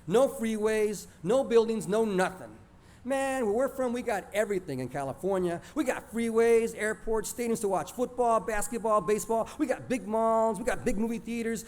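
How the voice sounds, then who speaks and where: A man's voice: sits high, lively intonation, normal speed, a little mellow, voice pushed up. A man voicing a boastful teenage cousin from California who mocks the younger kids in drawling surfer slang. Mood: taunting.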